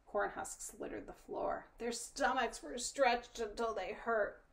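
A woman reading a children's storybook aloud, her narration soft and often dropping to a whisper. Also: on the high side, slow, creaky.

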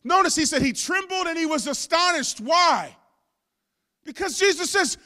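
A man pastor preaching a sermon with impassioned delivery that climbs into shouts. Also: very high voice, big pitch swings, normal speed. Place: church sanctuary.

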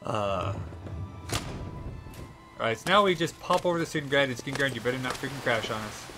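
A man's voice: mid-range voice, lively intonation, moderate pace. Casting: young male streamer, playful and giggly, loose gameplay chatter, game music underneath. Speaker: livestreamer. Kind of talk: casual gameplay commentary.

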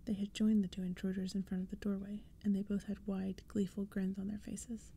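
Whispered role-play narrator: woman, dark gravelly hush. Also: medium pitch, monotone, fairly quick, slight background noise. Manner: soft-spoken, hushed reading. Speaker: ASMR storyteller.

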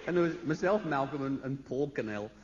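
Rambling comedian, lively voice. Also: male voice, medium pitch, brisk, background noise. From Birmingham, England. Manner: rambling, chatty anecdotes with asides to the audience. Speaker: stand-up comedian. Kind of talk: live stand-up storytelling. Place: stage in a large concert hall. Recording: echoey lo-fi live concert recording. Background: audience laughter.

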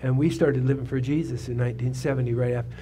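An older pastor in his seventies preaches a sermon with a personal testimony in a church sanctuary, talking conversationally and questioning the congregation. His mid-range voice is warm and steady in tone, he speaks fast, and a little hiss or hum can be heard.

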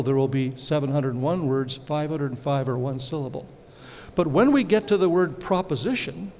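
Male lecturer, fairly high voice, storytelling with rhetorical questions; long hall reverb, faint noise. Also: darkish tone. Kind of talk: conference lecture. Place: large hall.

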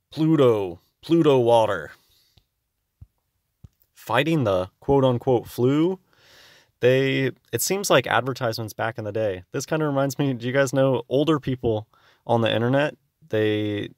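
Young male host, lowish voice, dry close sound; relaxed, rambling commentary, reads old text aloud. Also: no echo. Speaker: video host. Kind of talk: casual commentary on old clippings.

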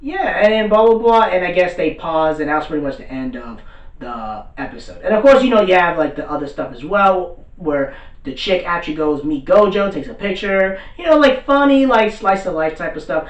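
A man's voice: a little high, lively intonation, moderate pace. A man giving a loose, slangy casual recap of an anime episode and acting out the characters' lines as he goes. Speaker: anime reviewer. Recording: roomy, mic at a distance.

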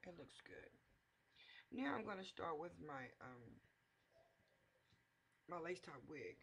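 A woman's voice: low voice, animated, takes it slowly, a bit bright, breathy edge. A middle-aged woman hosting a playful, joking wig tutorial, talking sassily to her viewers. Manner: sassy, joking, addresses viewers as y'all and baby. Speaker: vlogger's mother doing a wig tutorial.

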